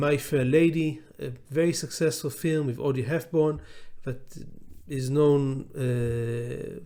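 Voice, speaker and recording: A man's voice: on the high side, dark tone. A middle-aged man with an Israeli accent, a law professor giving an unscripted lecture, hesitant with many fillers and restarts.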